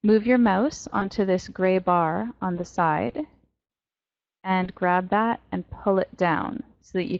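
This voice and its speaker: A woman's voice: medium pitch, gravelly, no echo. Middle-aged woman, online language teacher, encouraging drill style, muffled dry headset sound. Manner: encouraging, drills pronunciation slowly. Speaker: French teacher. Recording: dull, dry lo-fi audio.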